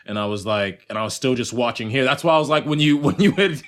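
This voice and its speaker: A young man co-hosting a podcast in casual chat, animated and profane, acting out his own reactions as he talks. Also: medium pitch, quick pace. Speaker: podcast co-host.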